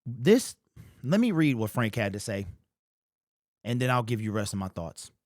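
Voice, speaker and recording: A man's voice: medium pitch, very animated, moderate pace, a little mellow, no echo, clean studio sound. A man hosting his own fan channel and giving emotional sports commentary. He talks casually, repeats himself, and keeps saying "bro" and "man.".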